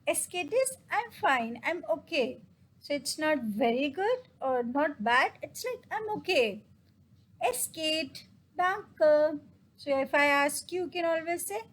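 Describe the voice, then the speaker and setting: A woman teaching a casual German lesson in English, reading German phrases slowly and explaining each one. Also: high voice, poor audio.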